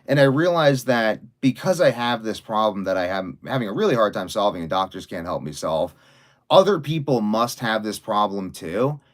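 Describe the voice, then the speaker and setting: Rambling young man, low voice. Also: lively intonation. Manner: fast, run-on talk with many fillers and restarts. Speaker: vlogger livestreaming while writing. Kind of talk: rambling live-stream monologue.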